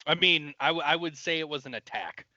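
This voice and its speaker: A man co-hosting a casual podcast, reasoning out loud with lots of "like" and "I mean". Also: fairly high pitch, a little fast, no echo, muffled recording. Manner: talks things through, full of "like" and "I mean". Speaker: podcast co-host. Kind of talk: casual chat.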